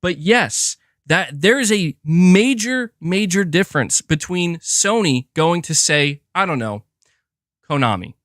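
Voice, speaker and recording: Young male streamer, profane and exasperated, high-pitched and very animated, recorded dry. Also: measured pace, dry recording. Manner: profane, exasperated ranting with many repeats. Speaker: gaming commentary streamer. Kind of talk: ranting livestream commentary.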